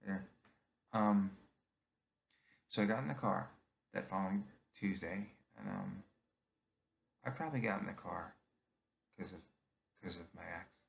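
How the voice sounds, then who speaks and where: A middle-aged man with a very low, gravelly voice tells his own story. He speaks candidly and confessionally, acting out the people he quotes in his own voice. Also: moderate pace, long pauses, slight background noise. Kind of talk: personal storytelling monologue.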